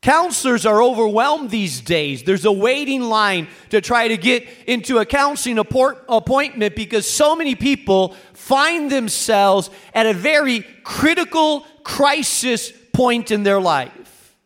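High-voiced man preaching a sermon. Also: lively intonation, a little slow, fairly bright tone. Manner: earnest preaching, rising to emphatic peaks. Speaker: pastor.

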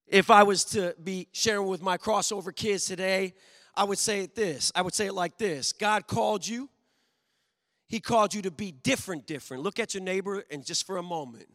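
A man preaching a sermon to his congregation, swinging from booming emphasis to hushed intimacy. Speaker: pastor. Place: church sanctuary. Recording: long hall reverb.

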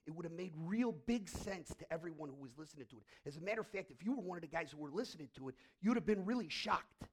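A man's voice: a little high, animated, quick pace, slightly rough. A middle-aged man preaching a sermon as pastor, telling a story emphatically and asking rhetorical questions.

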